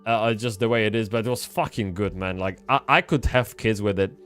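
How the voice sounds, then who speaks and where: A man's voice: fairly low pitch, fairly quick, a bit bright. Rambling man streaming a game. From Poland. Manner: rambling, swearing, frequent restarts. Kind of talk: casual gaming livestream chat.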